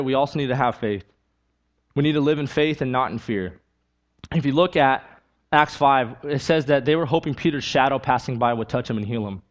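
A man's voice: mid-range voice, highs cut off. A man preaching a sermon with a personal testimony, talking earnestly and conversationally, repeating key lines and building to emphatic peaks.

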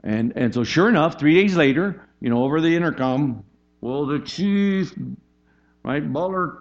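A man preaching a conversational sermon as pastor, animated, often asking "right?" and jumping up in pitch for emphasis. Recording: dull lo-fi sound.

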